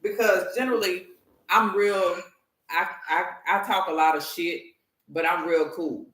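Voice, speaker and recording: A man with a high, bright voice speaks bluntly and defends himself, swearing casually as he talks. The room carries a clear echo. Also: fairly even intonation, unhurried. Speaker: panel guest. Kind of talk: candid group discussion. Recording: echoey room.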